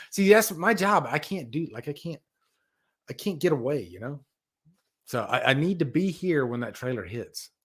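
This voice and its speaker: A man hosting a casual livestream, rambling and animated as he tells stories and reads out chat. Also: a little high, measured pace, long pauses, breathy edge. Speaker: livestream host.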